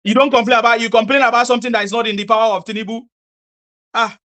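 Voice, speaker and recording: A woman, interviewing people in the street and lecturing them forcefully with a lot of repetition. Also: a little high, fairly even intonation, racing.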